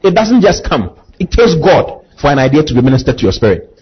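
Husky-voiced man preaching with call-and-response. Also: on the high side, very animated, brisk, muffled recording. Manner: call-and-response preaching, rising to impassioned emphasis. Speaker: pastor. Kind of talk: sermon.

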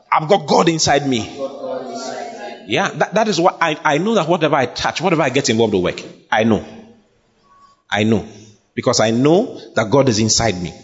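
A man preaching a sermon to a congregation, emphatic and repetitive, building up to shouts. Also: on the high side, slightly rough. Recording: dull lo-fi recording with long hall reverb.

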